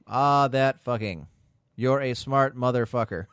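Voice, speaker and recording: Brash joking man with lively pitch. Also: a little fast, no echo, studio quality. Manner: brash, profane, joking, reads chat messages. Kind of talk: casual podcast chat.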